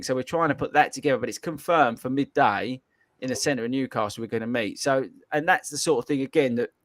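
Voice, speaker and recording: A man's voice: medium pitch, no echo. A man with a London accent hosting a casual podcast chat, rambling and filling with "you know". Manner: rambling, repeats himself, lots of "you know". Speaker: podcast host.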